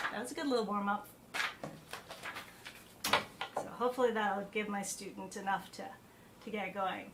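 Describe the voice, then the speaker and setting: A woman, a piano teacher talking casually through a practice session, thinking aloud with fillers and asides. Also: mid-range voice. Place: home practice room with piano. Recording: roomy practice room, faint background noise.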